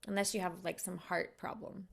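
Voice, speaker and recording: A woman who teaches yoga, chatting casually with viewers on a live stream, unhurried and loose with fillers and restarts. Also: on the low side, steady tone, creaky.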